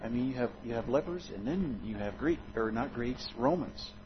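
A man preaching a sermon in an expressive, dramatic way, often swinging his loudness and pitch. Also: moderate pace, highs cut off, noisy background.

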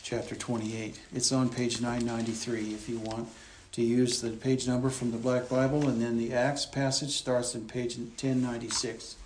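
A man delivering a teaching sermon from the pulpit, in a voice of ordinary middle pitch. He talks in an easy, conversational way, walking listeners through the text and circling back to restate each point. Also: flat delivery, moderate pace, hardly any pauses, darkish tone, slight background noise. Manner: conversational, explains and repeats points. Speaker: pastor. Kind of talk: expository sermon.

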